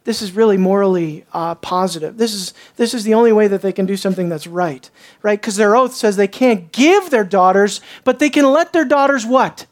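A woman pastor preaching a sermon, telling stories and acting out the people in them. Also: fairly quick. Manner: animated storytelling, acts out characters with jumps in pitch.

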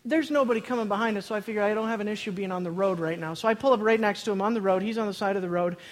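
Excitable high-voiced man telling a story. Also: very fast. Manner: laughs often mid-sentence, excited, repeats words. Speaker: speaker telling a story to a live audience. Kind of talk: animated personal storytelling. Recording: long hall reverb.

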